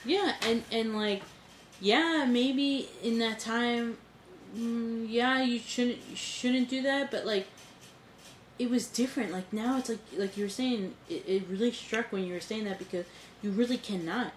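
A woman with a slightly high voice tells stories with animated indignation in a casual podcast talk. Her voice carries a roomy echo with faint ambient noise behind it. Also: a little slow. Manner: animated, indignant storytelling with swearing. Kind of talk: casual conversation.

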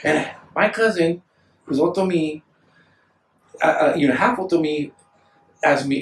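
A man telling stories in casual chat, rambling and animated, acting out the voices of people he quotes. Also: on the high side, measured pace, long pauses. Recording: echoey room, distant mic.

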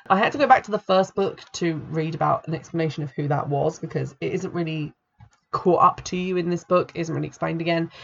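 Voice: mid-range voice, fairly bright tone, muffled recording. A book reviewer, talking through a novel in a chatty, exasperated way with frequent fillers. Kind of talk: casual spoken book review.

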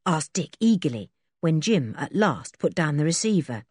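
A woman reading a storybook aloud as narrator in an expressive, lively way. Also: low voice, moderate pace, breathy edge, dry recording, studio quality. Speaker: audiobook reader.

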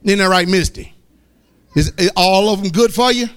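A pastor preaching a fiery sermon, stretching out scripture in slow shouts and questioning his congregation. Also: sits high, smooth.

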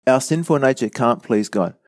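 A man's voice: mid-range voice, expressive, moderate pace, dry recording. A man preaching a Bible teaching sermon, earnestly explaining verses, quoting commentators and asking the listeners questions. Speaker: pastor.

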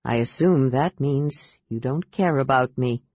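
A woman reading an audiobook, voicing a tender, pleading man in a soft, gentle tone. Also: a little slow, dry recording. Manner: soft, gentle, low delivery. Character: human half-elf man, tender, pleading, sorrowful. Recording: dull, dry lo-fi audiobook recording.

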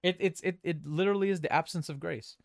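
A young man co-hosting a podcast, telling stories in a rambling, animated way with lots of restarts. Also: a little high, fast, gravelly, no echo, clean studio sound. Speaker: podcast co-host. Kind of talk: casual chat.

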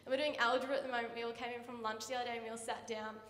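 A teenage Australian girl doing stand-up comedy, telling chatty stories with quick impressions on a big theatre stage. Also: fairly high pitch, level tone, a bit bright, distant mic. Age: teens. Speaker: student comedian. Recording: echoey theatre, long reverb, faint noise.

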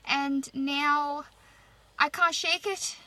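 A woman's voice: sits high, fairly even intonation, extremely slow, pushed and bright. A woman from Australia with an Irish-sounding accent, recounting events in a matter-of-fact selfie video update. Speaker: social media poster.

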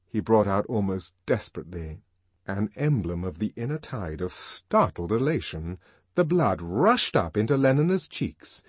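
A man narrating a novel in an audiobook with expressive, lively delivery. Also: on the low side, normal speed, husky, no room sound. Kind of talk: novel reading.

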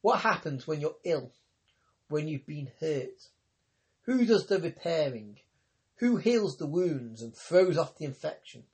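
A man voicing a grave, ironic young woman healer, speaking calmly and teasingly in an audiobook reading. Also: on the high side, unhurried. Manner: calm, teasing, persuasive.

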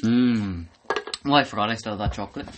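A man's voice: fairly low pitch, fairly quick. A young man co-hosting a casual podcast, joking, laughing a lot and bossing his friend around. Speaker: podcast co-host. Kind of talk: casual chat. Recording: faint background noise.

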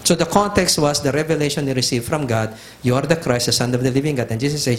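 A man's voice: mid-range voice, quick pace. A middle-aged Filipino man preaching a teaching sermon, emphatic and repetitive, switching back and forth between languages. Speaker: pastor.

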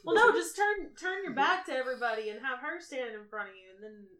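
A woman's voice: high voice, fast talker, a bit bright. A woman hosting a casual chat, asking her guests friendly questions and laughing easily. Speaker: podcast host.

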